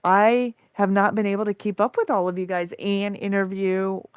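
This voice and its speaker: A woman's voice: medium pitch, flat delivery, moderate pace, clear, resonant tone, no room sound, dull audio. A woman hosting a casual livestream, effusively thanking viewers by name as she reads the chat. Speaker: livestream host.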